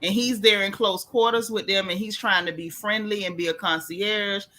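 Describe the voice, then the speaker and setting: Bright-voiced, emphatic woman host. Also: mid-range voice, moderate pace. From United States. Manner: animated, emphatic, sassy, with repeated restarts. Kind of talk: casual reality-TV gossip chat.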